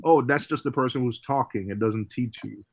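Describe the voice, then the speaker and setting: A man hosting a relaxed livestream chat with friends, talking at an ordinary middle pitch. He laughs often and leaves sentences half-finished before starting over. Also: moderate pace, a little hiss or hum. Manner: chatty, laughs easily, trails off and restarts. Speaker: livestream host. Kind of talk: casual group chat on a livestream.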